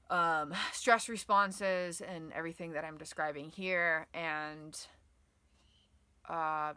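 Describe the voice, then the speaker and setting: Here the educator's voice sits low, with a bright, forceful tone and a dry recording. She's teaching about the nervous system in an online video, explaining through frequent "um" and "like" fillers and dramatically voicing inner thoughts at times.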